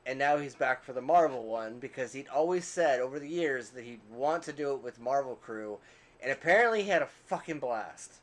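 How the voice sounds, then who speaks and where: A man's voice: mid-range voice, lively intonation, fairly quick. A man hosting a casual podcast, chatty, telling stories and laughing often. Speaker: podcast host. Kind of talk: casual chat.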